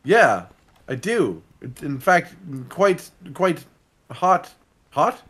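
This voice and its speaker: A man's voice: on the high side, sing-song, drawn-out words, fairly bright tone, breathy edge. A man co-hosting a gaming video with dry wordplay, often stammering into restarts. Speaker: gaming channel co-host. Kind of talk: deadpan gameplay banter.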